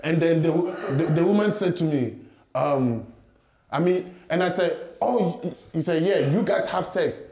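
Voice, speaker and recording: A young man from Ghana with a Ghanaian accent, telling a story in a casual interview, animated and laughing often as he acts out voices. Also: on the high side, normal speed, reverberant, crowd noise. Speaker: guest boxer.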